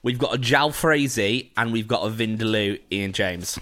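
A man's voice: fairly low pitch, normal speed, bright, forceful tone. A man hosting a podcast, casually steering the conversation with a friendly manner. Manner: friendly, steering the talk, laughs often. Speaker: podcast host. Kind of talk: casual chat.

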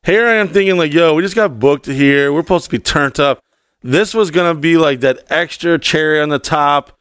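A man's voice: a little high, moderate pace, a bit bright, smooth, no echo. Rambling, profane man telling a story. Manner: rambling, profane, filler-heavy. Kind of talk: casual storytelling.

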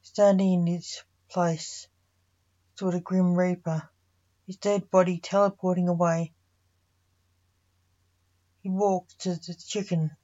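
A woman reading a short story aloud in a plain, even narrating voice. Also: fairly low pitch, slow, pauses often, muffled recording.

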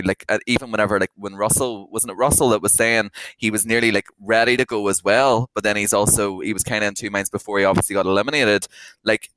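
A man's voice: fairly low pitch, a bit bright, clean tone, dry recording, poor audio. A young man, chatting casually on a podcast and rambling with many fillers. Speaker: podcast co-host. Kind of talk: casual chat.

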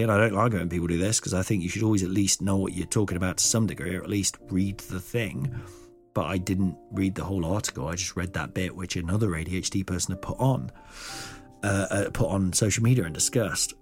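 Rambling, candid man with a low voice. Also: brisk, a little mellow, faint music behind. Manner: rambling and candid, with restarts and swearing. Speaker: podcast host. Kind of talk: solo podcast monologue.

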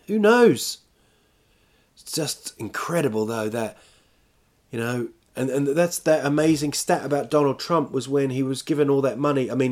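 A man's voice: on the high side, a little mellow. A man talking at home in a casual, rambling monologue, chatty and self-deprecating, drifting from one story to the next. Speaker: vlogger.

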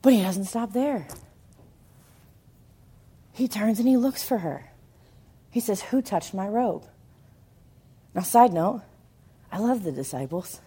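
A woman preaching a sermon, telling the story in an animated way, with emphatic lines that swing from loud to hushed. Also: mid-range voice, measured pace, pauses often, slightly rough.

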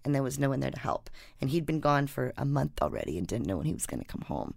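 A woman reporter who first reads her own feature story aloud, then tells an anecdote in a casual, animated way. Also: very deep voice, fast talker, gravelly, hardly any pauses, no room sound, studio quality. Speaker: newspaper reporter and guest.

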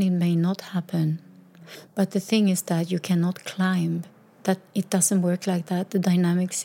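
A woman's voice: on the low side, vocal fry, dark tone. A middle-aged woman telling a candid personal story in a rambling way, with restarts and quoted dialogue. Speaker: mother sharing personal story.

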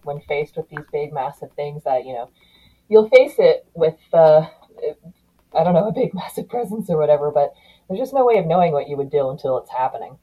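Woman, low pitch, husky, podcast host, animated casual talk. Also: a little fast, poor audio. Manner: animated, thoughtful, occasional laughs. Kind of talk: casual chat.

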